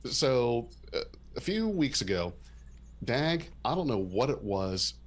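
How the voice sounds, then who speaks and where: A man co-hosting a casual podcast, playful and teasing, with an animated delivery. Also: medium pitch, takes it slowly. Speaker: podcast co-host. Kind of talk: casual chat.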